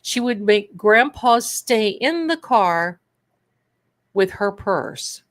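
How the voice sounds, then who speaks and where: Woman host, tarot livestream; chatty storyteller, dry close sound, mid pitch. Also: animated, slow, no room sound. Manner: chatty storyteller, addresses viewers as darlings. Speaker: host of a manifestation and tarot show. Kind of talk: casual livestream chat.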